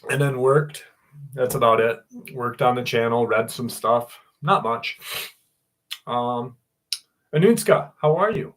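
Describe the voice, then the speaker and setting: A man's voice: medium pitch, slow, long pauses. Easygoing man hosting a live chat. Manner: loose and excitable, greets chat viewers by name, swears casually. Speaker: livestream host.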